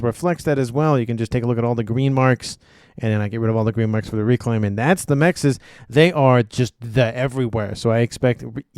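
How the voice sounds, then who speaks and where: A man's voice: mid-range voice, a little mellow, clean tone, dry recording, clean studio sound. A man casting a strategy game match, upbeat and chatty, talking through the map as he goes. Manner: upbeat, chatty, thinks aloud with fillers. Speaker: game caster. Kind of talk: game commentary.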